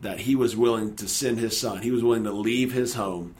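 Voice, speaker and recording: A man earnestly retelling a personal story in a relaxed conversation, acting out the lines of the people in it. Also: lowish voice, fairly quick. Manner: earnest, animated retelling with acted-out quotes. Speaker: guest telling his story.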